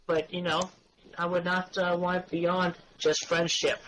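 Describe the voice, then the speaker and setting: A man talking haltingly to camera, with frequent stumbles and restarts. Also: high-pitched, level tone, a bit bright, slight background noise, rough recording. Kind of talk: video monologue.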